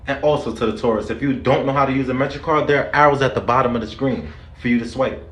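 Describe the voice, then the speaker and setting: A man's voice: medium pitch, quick pace, a bit bright, roomy sound. A young man from the Bronx with a New York accent, hosting a joking vlog full of street slang. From New York City, the Bronx. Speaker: vlogger host. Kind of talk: comedic vlog skits.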